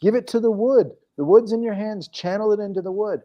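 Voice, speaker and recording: A man's voice: high-pitched, a little fast, lo-fi sound, voice pushed up, lightly acted. A man putting on a blunt, coaxing God. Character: God, a male voice, calm and unshockable.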